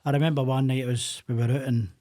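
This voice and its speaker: Male guest, mellow, quick; dry teasing delivery, dead-dry close sound. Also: medium pitch, steady tone, dry recording. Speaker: podcast guest. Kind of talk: casual chat.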